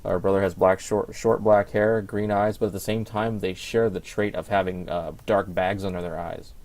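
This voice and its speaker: A man's voice: sits low, steady tone, moderate pace, darkish tone. A young man co-hosting a podcast in casual chat, rambling with lots of fillers and restarts. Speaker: podcast co-host.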